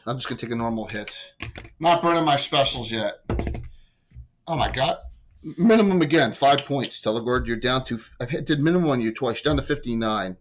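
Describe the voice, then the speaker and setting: Game master, man, mid-pitched, loose and chatty, quick rules asides. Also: poor audio. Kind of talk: running a tabletop game.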